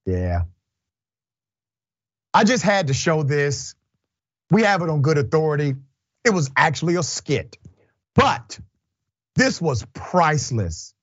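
Animated man hosting a commentary show. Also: on the high side, takes it slowly, pauses often, no echo, muffled recording. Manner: animated, emphatic, wry. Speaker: show host. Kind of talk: casual commentary.

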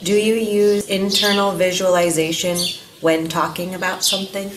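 Woman, low flat voice, reading questions, echoey room, noisy background. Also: normal speed. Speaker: question reader.

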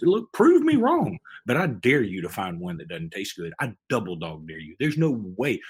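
A man's voice: medium pitch, slightly rough. A man, co-hosting a casual sports podcast from a hotel room, rambling with many restarts and laughs. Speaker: podcast co-host.

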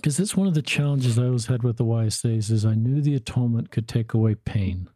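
A man with a mellow, warm voice works his way slowly and thoughtfully through a question to his guest. The sound is dry and close. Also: mid-range voice, no room sound. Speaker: interviewer. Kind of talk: conversational interview.

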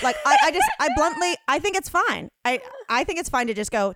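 A woman's voice: on the high side, fast, few pauses, clean tone, no room sound, studio quality. A woman from North Carolina co-hosting a podcast, telling stories in casual chat and acting out both sides of conversations. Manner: lively storyteller, acting out both sides of a phone call. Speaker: podcast co-host.

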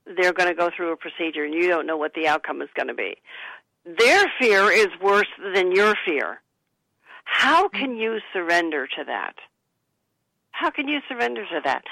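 Brief: woman with a bright, gravelly voice, radio interview guest, earnest and instructive, dry close sound. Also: fairly low pitch, no room sound, rough recording. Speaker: spiritual guest author. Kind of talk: radio interview, advice-giving.

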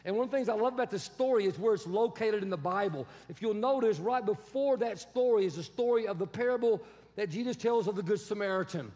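A man preaching a sermon, telling a story with acted-out voices and swinging between shouts and soft, quiet lines. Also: high-pitched, fast talker, highs cut off. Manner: animated storytelling, acts out quoted voices, shifts from shouting to soft. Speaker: pastor. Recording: long reverb of a large hall.

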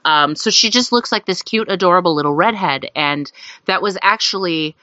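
A woman's voice: on the low side, moderate pace, pushed and bright, dry recording. A woman telling a long anecdote as a guest, rambling with fillers and laughing often. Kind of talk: casual storytelling. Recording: dull lo-fi recording.

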